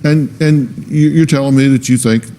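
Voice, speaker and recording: A man's voice: medium pitch, fairly even intonation, moderate pace, warm tone, slight background noise. A man hosting a talk show on a studio stage, questioning a guest in a blunt, probing, sarcastic way.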